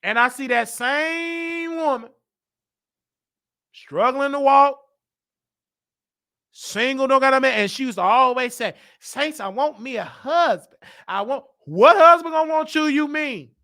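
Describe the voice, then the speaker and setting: High gravelly man telling a church story. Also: unhurried, pauses often. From Chicago. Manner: dramatic, preacher-like rising to shouts. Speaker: show host. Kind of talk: animated storytelling monologue.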